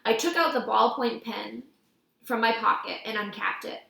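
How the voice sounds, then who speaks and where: A woman reading a novel aloud with lively, expressive storytelling, recorded in an echoey room. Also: a little high, moderate pace, gravelly. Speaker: audiobook reader.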